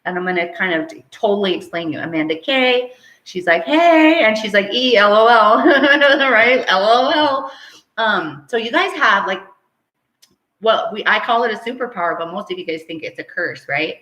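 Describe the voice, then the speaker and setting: A woman hosting a casual live stream, teaching and reading out viewer comments, chatty and quick to laugh. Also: mid-range voice, expressive, pushed and bright. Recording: roomy echo.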